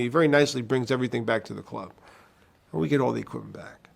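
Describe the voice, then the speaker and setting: A man's voice: mid-range voice, racing, vocal fry, slightly rough. A man who managed a band, telling a long, profane road story in a documentary interview. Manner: animated raconteur, profane, acts out phone calls.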